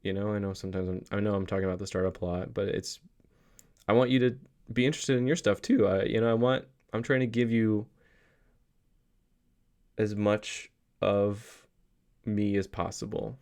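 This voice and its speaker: A man's voice: lowish voice, flat delivery, moderate pace, a little mellow. A young adult man talking to his kids in a casual, reflective vlog, rambling earnestly with many fillers and restarts. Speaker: father vlogging a daily reflection.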